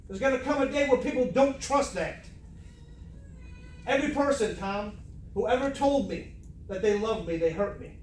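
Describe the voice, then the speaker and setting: A man's voice: high voice, animated, normal speed, long pauses, a little mellow. A man preaching a fervent, emphatic sermon, repeating words for stress. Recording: echoey room, faint noise.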